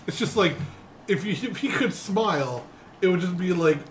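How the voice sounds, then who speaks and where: A man's voice: high voice, lively intonation, normal speed, a little hiss or hum. A man playing in a tabletop game, talking hesitantly with many fillers. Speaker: tabletop player. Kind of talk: casual chat.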